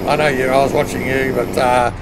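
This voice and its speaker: A man's voice: mid-range voice, fairly quick, creaky. An Australian man chatting casually on a live game stream, greeting viewers by name in a chatty, flustered way and swearing freely. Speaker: truck sim live streamer. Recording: steady background noise.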